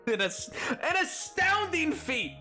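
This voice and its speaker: A man's voice: extremely high pitch, pushed and bright. A young man streaming a game, chatting casually and rambling, reading chat aloud with playful indignation.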